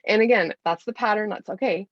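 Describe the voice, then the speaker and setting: A woman's voice: mid-range voice, fairly quick, no room sound, dull audio. A woman in her thirties, a podcast guest who coaches mothers, talking in an earnest, encouraging way straight to the listener. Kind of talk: casual podcast interview.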